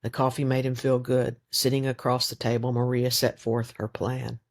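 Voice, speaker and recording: A man reading a novel aloud in steady, measured audiobook narration. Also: medium pitch. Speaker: reader.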